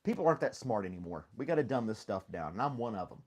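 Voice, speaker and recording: A man's voice: lowish voice, sing-song, fast, a little mellow, husky. Rambling, easygoing man hosting a live chat. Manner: rambling, easygoing, laughs often. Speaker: live stream host. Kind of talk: casual chat with live chat viewers.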